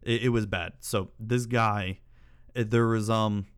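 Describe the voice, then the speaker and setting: The host's voice is on the low side and smooth, with fairly even intonation and a measured pace. Talking to camera, he tells stories casually and meanderingly, cursing a lot and ranting when exasperated.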